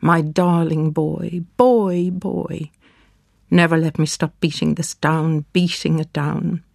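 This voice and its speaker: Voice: mid-range voice, level tone, takes it slowly, creaky, a little mellow, dry recording, clean studio sound. A reader voicing a bedridden mother who is frantic and accusing, then keening in despair, in a dramatic storybook reading. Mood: anguished.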